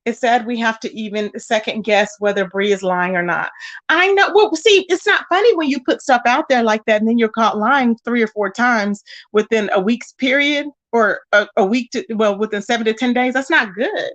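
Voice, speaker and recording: Woman, livestream host, casual chat, reading comments aloud, animated, laughs often, slightly high voice. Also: moderate pace, hardly any pauses. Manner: animated, laughs often, calls viewers baby and child.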